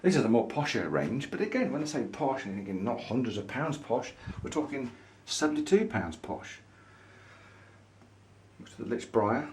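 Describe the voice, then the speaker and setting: A man's voice: medium pitch, very animated, normal speed, darkish tone, slight background noise. A man vlogging, chatting enthusiastically to camera in a pipe maker's showroom. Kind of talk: casual showroom chat to camera.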